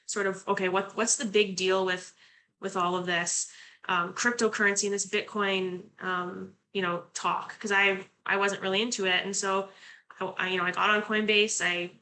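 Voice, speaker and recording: A woman's voice: medium pitch, pushed and bright, a little hiss or hum, low-quality recording. A young adult woman from Canada, a guest co-host chatting casually with many fillers and restarts. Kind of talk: casual talk-show chat.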